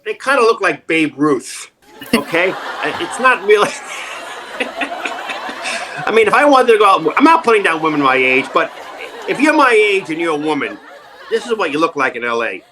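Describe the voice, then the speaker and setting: A man's voice: on the high side, big pitch swings, normal speed, long pauses, a crowd in the background, background noise. A man, an acting coach, telling self-mocking comic stories in an interview, laughing often and acting out the voices he quotes, on a video call.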